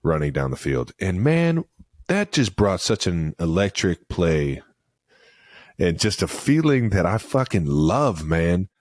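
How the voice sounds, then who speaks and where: Low-pitched guy riffing on football with his co-host, super expressive, swears a lot, dry close sound. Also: takes it slowly, dry recording. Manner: animated, joking, swears freely. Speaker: podcast co-host, football receiver. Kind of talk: casual sports chat.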